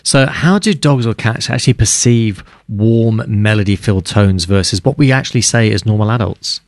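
A man co-hosts a radio show in a low voice. He speaks in a relaxed, easygoing way with a few ums. The studio sound is dry and close. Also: moderate pace, no echo. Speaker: radio co-host. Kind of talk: casual radio chat.

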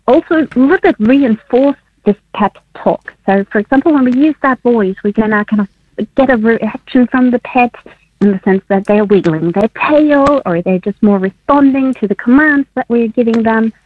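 A woman's voice: on the high side, normal speed, no room sound. A woman guest researcher explaining her work over the phone, laughing often as she talks. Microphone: phone call. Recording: tinny phone line.

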